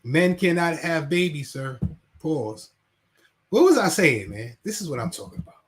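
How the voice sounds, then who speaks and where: A man's voice: a little high, very animated, normal speed. A man hosting a casual livestream, rambling, laughing and reading chat names aloud. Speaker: livestream host.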